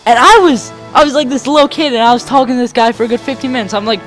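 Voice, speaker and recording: A man's voice: very high-pitched, racing, faint music behind. A young man hosting a let's play, rambling animatedly through a story and acting out the people in it. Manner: rambling, animated, acts out the people in his stories. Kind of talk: casual storytelling over gameplay.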